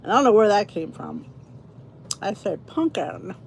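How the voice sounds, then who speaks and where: Speaking at a moderate pace with vocal fry, a middle-aged Philly-accented woman from the Philadelphia area hosts a podcast, chatting ramblingly to viewers with plenty of restarts and asides. Her mid-range voice is animated and a little mellow, with slight background noise.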